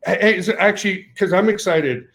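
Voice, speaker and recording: A middle-aged French Canadian man, a native French speaker, hosting a video call with a rambling, animated sales pitch that keeps breaking into laughter. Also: a little fast. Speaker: company CEO hosting a call.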